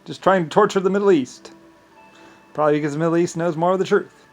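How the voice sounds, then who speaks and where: Rambling man with a higher voice. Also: fast, soft background music. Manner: rambling, profane, grandiose, laughs often. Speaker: vlogger. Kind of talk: rambling casual monologue.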